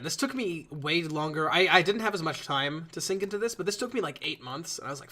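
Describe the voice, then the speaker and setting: Bright-voiced casual male streamer. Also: a little high, animated, fast, hardly any pauses. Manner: rambling, casual swearing, chats to viewers. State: yawning a lot. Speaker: live streamer. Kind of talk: casual live-stream commentary while building.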